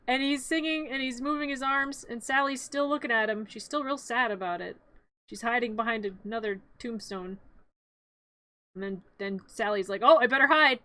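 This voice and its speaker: A woman's voice: fairly high pitch, normal speed, long pauses, fairly bright tone, no echo. A woman streamer casually and comically narrating her own drawings, rambling, giggling and talking back to them.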